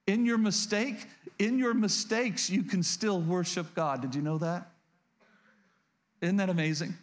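High-voiced man preaching earnestly. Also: a little slow. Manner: earnest and confessional, with many restarts and questions to the congregation. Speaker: pastor. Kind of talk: sermon.

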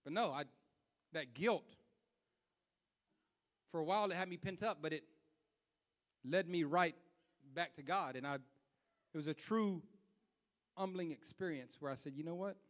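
A young adult man preaching a sermon, telling a personal story in an animated way that swings between hushed self-scolding and loud retelling. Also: a little high, a little slow, pauses often, in a large hall.

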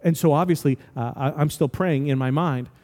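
A man's voice: fairly high pitch, moderate pace, warm tone, long reverb tail. A man in his forties preaching a sermon, telling a story and building to emphatic, rising exhortations. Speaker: pastor.

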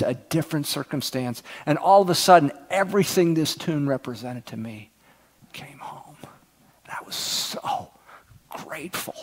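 Middle-aged male pastor, somewhat high voice, earnest sermon delivery with hushed passages. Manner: earnest, swings from loud emphasis to near-whispers.

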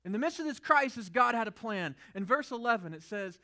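A man's voice: extremely high pitch, expressive, a little fast, hardly any pauses, bright, forceful tone. A male pastor preaching a sermon in a conversational way, often asking the audience rhetorical questions.

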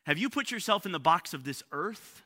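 A man's voice: high-pitched, animated, fairly quick, pushed and bright. A man pastor preaching a livestreamed sermon, repeating key lines and asking rhetorical questions, building to emphatic peaks. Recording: long hall reverb.

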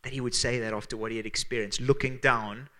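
A man with a Zimbabwean accent preaching a sermon as pastor, earnest and emphatic, dropping to hushed tones for weight. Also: mid-range voice, steady tone, fast.

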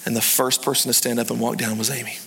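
A man preaching a sermon, telling a story in an animated way that swings between hushed and excited. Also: mid-range voice, fast, gravelly. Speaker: pastor. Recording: reverberant hall.

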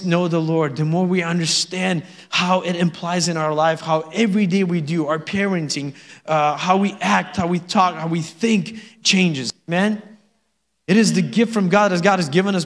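Joking pastor in a reverberant church. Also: male voice, on the high side. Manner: conversational and joking, with frequent laughs and "amen?". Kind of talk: sermon. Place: church sanctuary.

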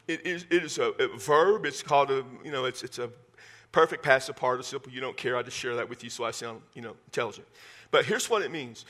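A man in his fifties preaches a sermon in a folksy, joking manner, stumbling into repeated words as he restarts his thoughts. His voice sits a little high and rings bright and forceful. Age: 50s. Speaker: pastor.

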